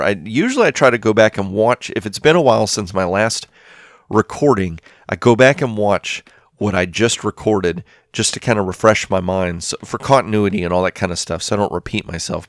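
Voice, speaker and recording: Male gaming host, lowish voice, dry close mic, chatty and rambling. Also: no echo. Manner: rambling, self-talking, thinks aloud. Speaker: Minecraft let's play host. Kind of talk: casual gameplay commentary.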